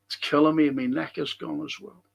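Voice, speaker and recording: A man's voice: fairly high pitch, little pitch movement, a little fast, gravelly. A middle-aged man with a Liverpool accent, hosting a casual live-stream chat, chatty and opinionated as he reads out viewer comments. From England. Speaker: host.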